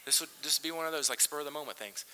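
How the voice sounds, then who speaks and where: A man's voice: on the high side, rapid-fire, smooth. A man in his thirties, a pastor, preaching a sermon and telling stories with lots of restarts. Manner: animated storytelling with frequent restarts. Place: large church hall. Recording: long reverb of a church hall.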